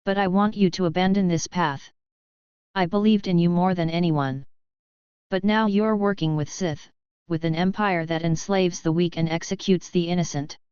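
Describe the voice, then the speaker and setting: A woman's voice: fairly low pitch, steady tone, moderate pace, darkish tone, clean tone, no echo, close to an everyday voice. Casting: heartbroken, pleading young wife, read by a woman, dry, dull sound. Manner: pleading, tearful.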